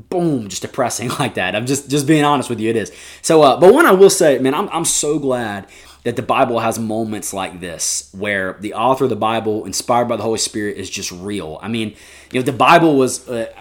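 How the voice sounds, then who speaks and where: A man, a youth pastor, giving a casual, energetic devotional talk to high school students with lots of fillers.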